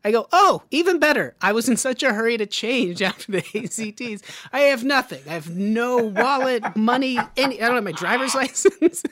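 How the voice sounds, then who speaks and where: A man on a podcast telling a story casually, laughing as he goes and jumping up high for the voices of people he quotes. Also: lively intonation, moderate pace, hardly any pauses, fairly bright tone. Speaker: podcast guest.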